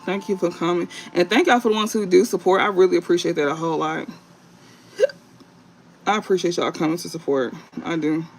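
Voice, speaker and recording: A man with a high, gravelly voice rants bluntly on a late-night tarot livestream, swearing freely and circling back with drawn-out fillers. A faint hiss sits under his voice. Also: fairly even intonation. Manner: profane, blunt, scolding; drawn-out fillers and repeated phrases. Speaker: online tarot reader.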